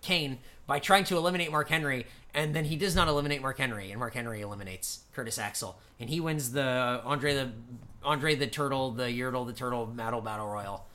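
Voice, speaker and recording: A man's voice: mid-range voice, fairly quick, pushed and bright. A man co-hosting a casual podcast, walking through a wrestling show play by play in a rambling way with lots of fillers and swearing. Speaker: podcast co-host. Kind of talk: casual wrestling recap chat.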